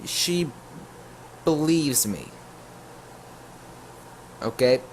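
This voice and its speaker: A man casually telling a storytime tale to his viewers, full of jokey asides and quick self-corrections. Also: on the high side, expressive, a little hiss or hum. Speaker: YouTube storyteller.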